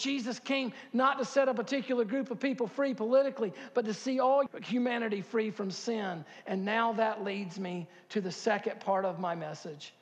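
Man, very high voice, pastor preaching, fervent and repetitive, long church echo. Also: moderate pace, hardly any pauses. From Harkers Island, North Carolina. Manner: builds to loud impassioned preaching, repeats words, asks the crowd questions. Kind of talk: sermon. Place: church sanctuary.

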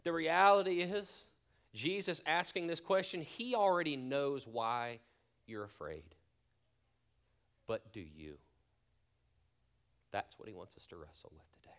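Earnest and deliberate, a pastor with a rather high voice delivers a sermon and leads a spoken prayer. For emphasis he frequently drops to a hushed near-whisper.

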